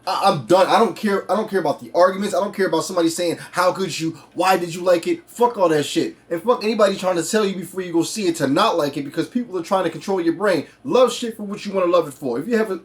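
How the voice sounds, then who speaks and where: Give me a blunt, profane man with a slightly high voice, casually reviewing a film. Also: rapid-fire, few pauses. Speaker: movie reviewer. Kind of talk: casual chat.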